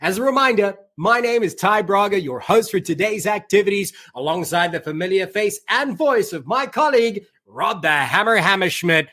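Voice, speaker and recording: A man's voice: sits high, lively intonation, normal speed, hardly any pauses, pushed and bright. A man hosting a sports podcast, opening the show in a formal, announcer-like way. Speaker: podcast host. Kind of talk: scripted show introduction.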